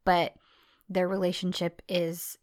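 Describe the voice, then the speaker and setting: A woman's voice: on the low side, completely flat delivery, slow pace, a little mellow, dry recording, clean studio sound. A woman co-hosting a casual podcast, thinking aloud about the characters in a reflective way. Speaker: podcast co-host. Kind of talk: casual chat.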